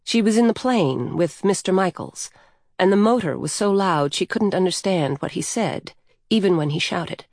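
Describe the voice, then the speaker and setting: A woman narrating a story aloud in a calm, even storytelling manner. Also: fairly low pitch, normal speed, no echo, studio quality.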